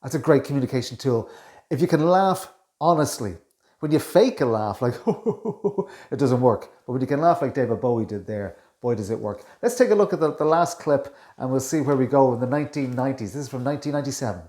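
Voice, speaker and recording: A man working as a communication coach reacts to clips in a casual, chatty way, often adding quick asides. His voice sits at a mid pitch. It rings a bit in a roomy, echoey space. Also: animated, a little mellow. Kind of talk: reaction video commentary. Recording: echoey room.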